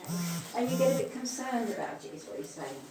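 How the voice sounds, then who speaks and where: A woman's voice: a little high, very animated, quick pace. A woman works as a medium in front of a live audience, speaking in a tender way and calling people darling and sweetheart. Her mid-range voice rings around a hall from some distance away from the mic, with a faint hiss behind it. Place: spiritualist church hall.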